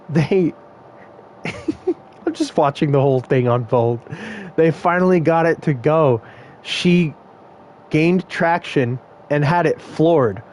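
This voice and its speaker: Young dude with a kinda high voice rambling thru a work story, cussing and cracking up a lot. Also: male voice, a little mellow, slight background noise. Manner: laughs often, swears, rambling asides. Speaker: vlogger telling a work story. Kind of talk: casual storytelling.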